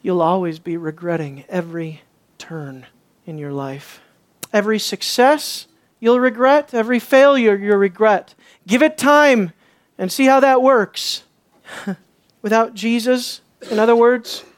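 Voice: medium pitch, a little slow. Preacher with insistent rhetorical questions. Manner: rhetorical questions and emphatic repetition. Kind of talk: sermon.

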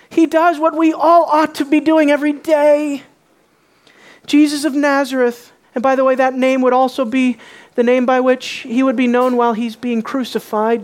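A woman preaching an expository sermon, emphatic, asking rhetorical questions and swinging from loud to soft. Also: high voice.

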